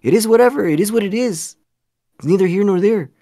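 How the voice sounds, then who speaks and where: A man's voice: high-pitched, fast, mellow, pitched above the performer's own voice, close to an everyday voice. A man putting on a cocky, teasing Mexican man with a Mexican accent and a playful drawl.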